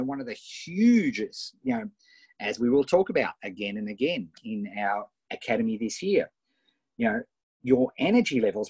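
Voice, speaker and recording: A middle-aged Australian man coaching entrepreneurs on a live webinar, energetic and encouraging, often ending points with "right?", recorded on a tablet mic. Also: medium pitch, breathy edge, no room sound. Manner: energetic, tag questions, reads out students' wins. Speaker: online business coach. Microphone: iPad Pro built-in mic.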